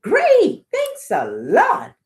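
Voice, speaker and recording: A woman doing a high whiny pigeon. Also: very animated, slow, exaggerated voice. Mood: smug. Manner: wheedling, whiny begging. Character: pushy pleading male pigeon, childish and stubborn. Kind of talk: children's storybook read-aloud.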